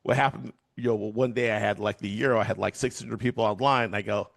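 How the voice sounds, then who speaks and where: A middle-aged man recounting his career in a lively, animated way. He talks in loose, filler-heavy runs, stopping to restart and to check in with the listener. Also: fairly low pitch, brisk, gravelly, hardly any pauses. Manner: animated, acts out voices, many fillers. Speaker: guest, trading educator. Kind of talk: storytelling in an interview.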